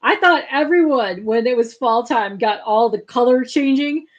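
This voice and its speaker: A woman's voice: a little high, normal speed, muffled recording. A woman from California hosting a casual livestream chat, bubbly and reading comments aloud. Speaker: podcast host.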